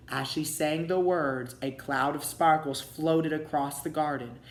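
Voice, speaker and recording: A man reading a children's storybook aloud in a steady, expressive way. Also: on the high side, a little slow, hardly any pauses. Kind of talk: read-aloud storybook narration. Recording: roomy echo.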